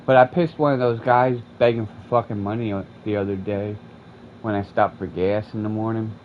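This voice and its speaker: A man, telling a profane, rambling story in casual chat while streaming a game. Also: lowish voice. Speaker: gaming streamer. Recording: dull lo-fi mic with faint air conditioning hum.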